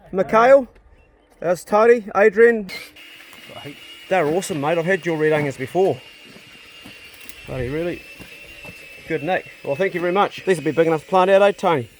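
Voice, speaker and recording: A man's voice: high voice, normal speed, pauses often, slight background noise. A man hosting a casual, jokey vlog tour of a farmhouse build site outdoors. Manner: chatty, jokey, matey. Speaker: vlog host.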